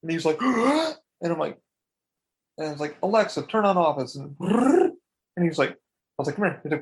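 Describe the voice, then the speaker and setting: A man's voice: a little high, expressive, moderate pace, husky. A man co-hosting a podcast, telling rambling stories in casual chat and swearing freely. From Florida. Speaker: podcast co-host.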